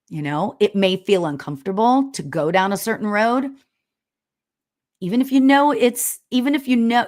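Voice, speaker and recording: A middle-aged woman with a medium-pitched voice hosts a livestream as a spiritual medium, casually chatting and reading viewer comments. She tells stories loudly and with animation, laughing often and repeatedly saying "you know?"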